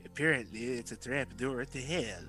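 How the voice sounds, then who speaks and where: A man's voice: medium pitch, moderate pace, pushed and bright, faint music behind. A man playing a tabletop role-playing game, chatting in a playful way. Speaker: player. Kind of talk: casual tabletop play.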